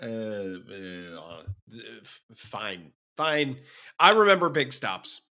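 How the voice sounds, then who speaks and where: A man co-hosting a college sports podcast, speaking in a slow, hesitant, agreeable way. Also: fairly low pitch, sing-song, bright, forceful tone. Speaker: podcast co-host. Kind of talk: casual sports chat.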